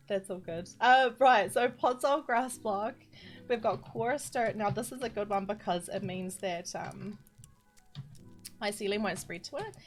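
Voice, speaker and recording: Chatty Kiwi woman streaming over music. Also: medium pitch. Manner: chatty, giggly, reads chat messages aloud. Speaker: streamer teaching map building. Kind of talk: casual live-stream chat. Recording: background music under the voice.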